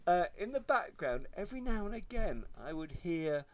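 A man from England telling funny stories in a casual podcast chat, jokey and animated. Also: sits high, normal speed. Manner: animated, jokey, mimics shrieks.

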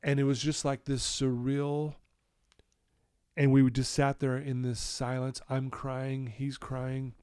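A man telling a personal story as a podcast guest, candid and animated. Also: medium pitch, takes it slowly, clear, resonant tone, dry recording, clean studio sound. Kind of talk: storytelling in a casual interview.

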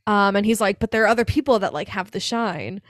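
A woman co-hosting a casual podcast, recapping a film in lively chat and acting out lines with laughs and swearing. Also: medium pitch, quick pace, dry recording, studio quality. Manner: animated, swears, acts out quotes with laughs. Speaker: podcast co-host.

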